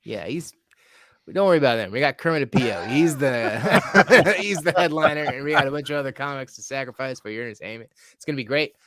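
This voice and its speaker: A man's voice: mid-range voice, expressive, fairly quick, a bit bright, no room sound. A man on a casual comedy podcast, plugging his shows in a playful, laughing way and swearing casually. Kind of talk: casual chat.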